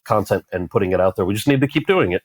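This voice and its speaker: A man in his forties, an actor guest in an interview, telling stories in a conversational way and acting out quoted lines with animated jumps in pitch. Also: rapid-fire, dry recording. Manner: animated, acts out quoted voices with rising pitch.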